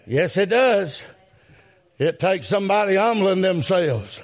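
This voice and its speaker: Preacher, man, high voice, swooping pitch, slow gasping chant, repeats "my friend". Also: expressive. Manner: repeats "my friend" with gasping breaths between phrases. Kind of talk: fiery sermon.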